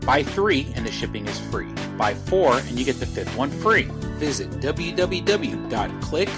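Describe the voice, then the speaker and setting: Male ad announcer over loud music. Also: medium pitch, big pitch swings, normal speed. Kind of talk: read sponsor ad. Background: music bed.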